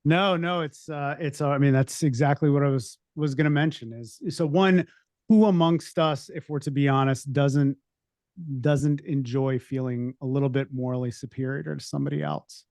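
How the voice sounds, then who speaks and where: A man on a podcast panel who talks things through slowly, with many restarts and asides. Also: mid-range voice, fairly even intonation, darkish tone, no room sound, studio quality. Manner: reflective, rambling with restarts. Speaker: veterinary practice owner and podcast panelist. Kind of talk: casual panel discussion.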